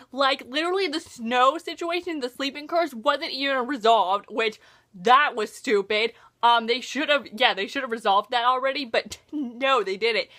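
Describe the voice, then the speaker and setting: Bright, excitable young woman gushing. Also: fairly high pitch. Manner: gushing, excitable, heavy filler "like". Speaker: vlogger. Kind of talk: casual fan recap.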